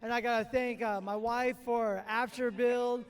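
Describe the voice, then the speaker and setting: A man's voice: very high voice, steady tone, measured pace. A race driver, a man, talking after the race in a rambling way, often saying you know what I mean.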